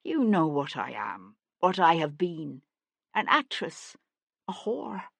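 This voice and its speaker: A woman voicing a frightened young actress who pleads in a breathy, trembling way. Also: deep voice, very animated, a little slow, no room sound, full character voice. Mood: anguished.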